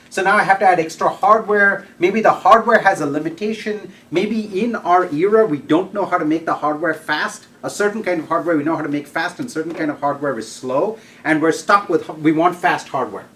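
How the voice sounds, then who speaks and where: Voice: medium pitch, fairly bright tone. A lecturer giving a classroom lecture, often checking in with the students by asking "okay?" and "right?", and restarting sentences mid-thought.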